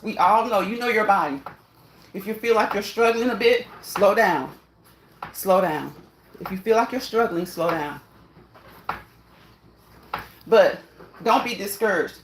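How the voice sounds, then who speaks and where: A woman's voice: mid-range voice, echoey room, a little hiss or hum, poor audio. A woman vlogging as she exercises indoors on a machine, a little winded, repeating herself and encouraging viewers. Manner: repetitive, encouraging, laughs often. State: slightly winded. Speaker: fitness vlogger. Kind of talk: casual talk while exercising.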